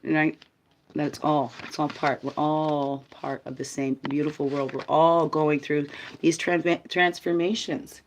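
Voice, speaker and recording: Middle-aged woman, low voice, spiritual guidance talk, playful and rambling. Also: little pitch movement, unhurried. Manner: playful, laughing, loose and rambling.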